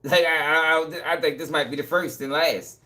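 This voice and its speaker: Young male stream host, slightly high voice, heated and profane, loops his points, laughs between them. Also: fairly even intonation, normal speed, sharp tone. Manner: heated, cursing, repeats himself, laughs. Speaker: channel host. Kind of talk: casual live stream rant.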